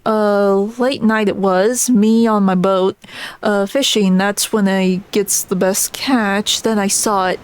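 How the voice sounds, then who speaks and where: The lines belong to a vengeful, grim old fisherman in a game, and a woman reads them out plainly in her normal voice, tripping over a few words. Her pitch is medium and her intonation fairly even, smooth and natural, with no room sound.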